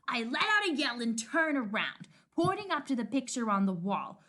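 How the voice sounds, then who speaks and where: A woman co-hosting a casual read-aloud of a novel, animated and chatty with lots of banter. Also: fairly high pitch, moderate pace. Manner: animated, giggly, many restarts. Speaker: book reading co-host.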